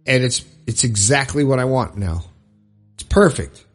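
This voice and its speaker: Husky-voiced man hosting a podcast. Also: medium pitch, expressive, moderate pace, soft background music. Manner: earnest, upbeat, rambling motivational talk with swearing. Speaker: podcast host. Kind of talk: casual solo podcast monologue.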